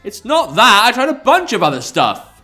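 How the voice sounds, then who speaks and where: Ein Mann, der einen großspurigen, albernen Schuljungen spricht, jammernd und prahlerisch. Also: male voice, sits high, wildly swooping pitch, moderate pace, sharp tone, faint music behind, voice pushed up, exaggerated voice. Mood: boastful whining. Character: brash goofy teenage schoolboy.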